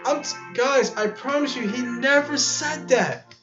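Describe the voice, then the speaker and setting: A man talking casually to his viewers, stammering and incredulous, often restarting his sentences. His voice sits high. He is recorded in an echoey room with dull audio and faint music behind. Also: a little slow. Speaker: vlogger. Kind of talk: casual rambling commentary.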